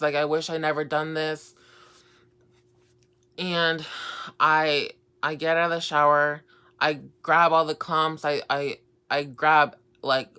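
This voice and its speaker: A young woman chats through a personal story on her vlog, wandering with fillers and repeated starts. Her voice is bright and clean, and she speaks unhurriedly. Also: low-pitched, clean tone. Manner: rambling, lots of fillers and repeats. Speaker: vlogger.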